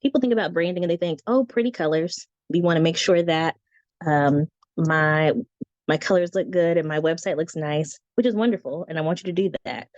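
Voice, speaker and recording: Chatty woman with a squeaky voice. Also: fairly quick, dry recording. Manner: chatty, animated, breezy asides. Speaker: branding guest teacher. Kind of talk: casual teaching talk. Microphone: video call. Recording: dry, dull lo-fi call audio.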